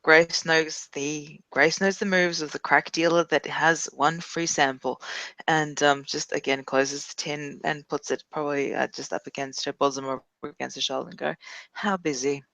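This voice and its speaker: A woman's voice: sits low, steady tone, moderate pace, vocal fry, pushed and bright, no room sound. A woman playing a tabletop role-playing game, describing her character in a wry, matter-of-fact way. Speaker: player.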